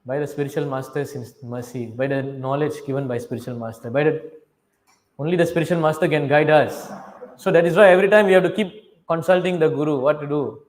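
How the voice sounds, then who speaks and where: A man's voice: on the high side, brisk. A middle-aged man giving a sermon in slightly non-native English, telling stories, acting out the characters' lines and asking his listeners questions. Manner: animated storyteller, asks the audience questions, acts out quoted dialogue. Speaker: preacher giving a scripture class. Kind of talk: sermon, storytelling.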